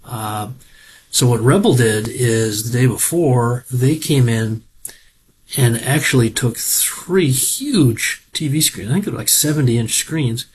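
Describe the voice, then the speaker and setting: A man's voice: mid-range voice, animated, slow pace, husky. A middle-aged man from Minnesota giving a rambling, folksy spoken report on farm equipment auctions, with lots of fillers.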